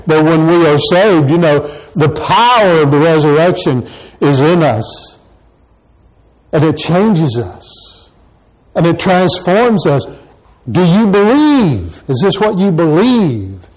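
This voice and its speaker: A man's voice: a little high, big pitch swings, slow pace, rough recording. A pastor preaching a sermon to his congregation, pressing the same questions again and again. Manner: repeats rhetorical questions to the congregation.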